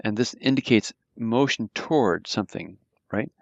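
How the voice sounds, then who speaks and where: Male language teacher, lowish voice, patient, halting explanations, dry, dull audio. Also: expressive, gravelly, no room sound. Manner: explains patiently, with frequent fillers and restarts. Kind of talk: live online grammar lesson.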